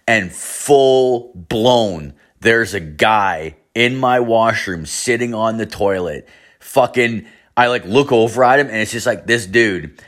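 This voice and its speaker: A man's voice: fairly low pitch, animated, normal speed, a bit bright. A young man telling a personal story casually, swearing constantly and rambling with lots of "like". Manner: profane, rambling, many fillers.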